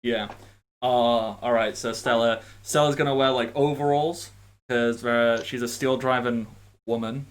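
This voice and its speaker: A man's voice: mid-range voice, fairly even intonation, measured pace. A British man running a tabletop game, chatting casually and rambling, mocking himself and swearing now and then. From Britain. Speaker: game master.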